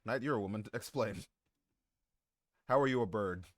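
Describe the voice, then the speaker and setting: Male streamer, low-pitched, casual banter with chat, crude jokes and frequent laughs, dry close-mic sound. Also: normal speed, dry recording. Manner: joking, swears a lot, laughs often. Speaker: live streamer.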